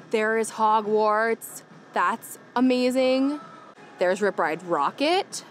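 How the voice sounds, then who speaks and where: A woman's voice: on the high side, slow pace, soft background music. A young woman vlogging with gushing, chatty enthusiasm as she tastes food and drinks at a hotel rooftop bar. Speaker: travel vlogger. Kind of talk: casual food and travel vlog. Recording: noisy crowded bar. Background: loud crowd and chatter.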